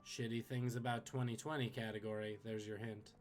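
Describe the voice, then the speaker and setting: A man hosting a live-streamed trivia quiz, reading questions and tossing in quick joking asides. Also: lowish voice, flat delivery, soft background music. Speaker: trivia host.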